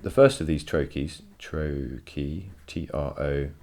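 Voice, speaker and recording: A man with a very low voice talks through a poem for his students. He explains with enthusiasm and repeats words as he works out each point. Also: takes it slowly, dark tone. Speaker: teacher. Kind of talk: recorded poetry lesson. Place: home.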